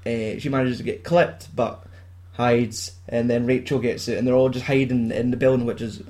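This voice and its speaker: A man's voice: mid-range voice, steady tone, normal speed, a little mellow. A Scottish man casually retelling a film plot, swearing a lot and acting out the characters' lines.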